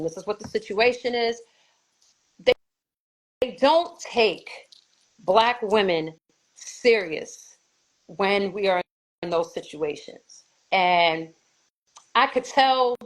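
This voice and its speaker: A woman with a New York accent, a guest telling a personal story in an animated way, acting out others' voices and swearing. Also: medium pitch, poor audio.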